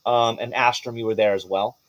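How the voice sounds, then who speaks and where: A man's voice: medium pitch, steady tone, brisk, dry recording. Guy dm rambling thru the game, lots of restarts and laughs, dry close sound. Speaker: game master. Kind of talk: running a tabletop game.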